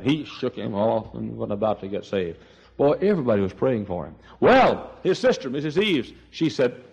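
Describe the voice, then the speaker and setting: A man's voice: mid-range voice, big pitch swings, normal speed, vocal fry, darkish tone, breathy edge, in a large hall, muffled recording. A man preaching a sermon, telling stories and acting out voices, with many restarts. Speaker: pastor. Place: church sanctuary.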